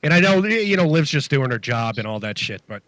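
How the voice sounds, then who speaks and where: A man's voice: mid-range voice, big pitch swings, fast, a bit bright, no room sound. Blunt man co-hosting, dry sound. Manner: blunt, swears, laughs often. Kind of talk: casual wrestling chat.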